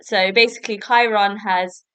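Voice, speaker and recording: A woman hosts a podcast, rambling casually through a solo review full of fillers like "so basically" and "like." Her mid-range voice is steady, bright, forceful and smooth at a normal speed, recorded dry.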